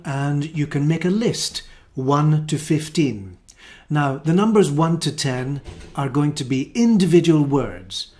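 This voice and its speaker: A man with a Scottish accent teaching English pronunciation, saying example words one at a time in a careful, deliberate way. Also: on the high side, darkish tone. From Scotland. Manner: careful, deliberate word-by-word modelling. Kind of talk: slow, clear teaching of pronunciation.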